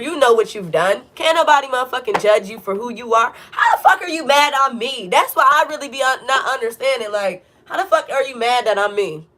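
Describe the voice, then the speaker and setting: A woman's voice: a little high, a bit bright, slight background noise. Blunt, profane woman tarot reader. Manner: blunt, profane, preachy pep talk. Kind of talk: tarot reading monologue.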